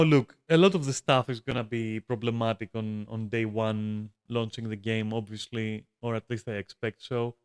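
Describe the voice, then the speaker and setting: A man's voice: mid-range voice, clear, resonant tone. Male streamer, casual rant from home, curses freely, stumbles and restarts, mid-range voice. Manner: swears a lot, frequent restarts and filler likes. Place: room at home.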